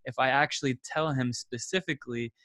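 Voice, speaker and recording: A man's voice: medium pitch, fairly even intonation, brisk, fairly bright tone, no echo. A man in his thirties, a podcast guest, who talks earnestly in a casual interview and repeats words as he thinks.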